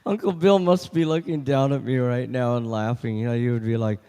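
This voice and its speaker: A man's voice: medium pitch, fairly even intonation, fairly quick, dark tone, clear, resonant tone. A man at an open mic doing a short comedy set, self-deprecating, chuckling and restarting his sentences as he goes. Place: outdoor stage.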